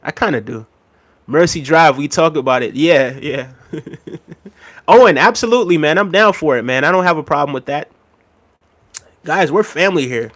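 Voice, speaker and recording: Man on a casual livestream, somewhat high voice, rambles and laughs, talks right to chat. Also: animated, normal speed, long pauses, fairly bright tone. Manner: rambling and chatty, laughs often, addresses viewers directly.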